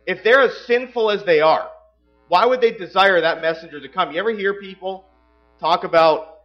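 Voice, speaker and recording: A man's voice: high voice, moderate pace, faint music behind. Fervent pastor man preaching, dull sound. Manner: emphatic preaching with sharp swings between loud and hushed. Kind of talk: sermon.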